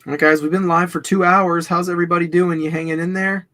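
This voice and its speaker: A man's voice: high voice, little pitch movement, fast talker, sharp tone. A man co-hosting a live reselling stream, talking in a laid-back way while checking his listings. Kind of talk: casual livestream chat.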